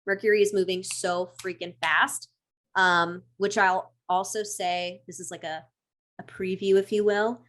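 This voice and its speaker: A woman in casual podcast chat about astrology, lively and laughing often, acting out little quoted voices. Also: mid-range voice, unhurried, a little hiss or hum.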